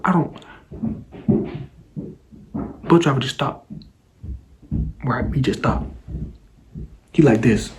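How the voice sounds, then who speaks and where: A young man casually retelling a childhood story, animated and slangy, dropping sound effects as he goes. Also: medium pitch, echoey room, a little hiss or hum.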